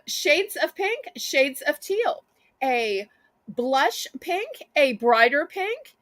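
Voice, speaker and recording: A woman with a Southern US accent hosts a live home-shopping auction, chatty and sweet, calling her viewers y'all. Her voice is high and sharp, with no room sound.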